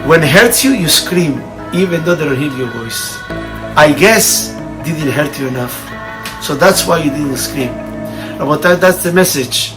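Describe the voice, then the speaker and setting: A man's voice: on the high side, rough recording. A man teaching Torah in a sermon, telling a parable in non-native English phrasing and raising his voice when he quotes. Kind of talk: sermon with storytelling.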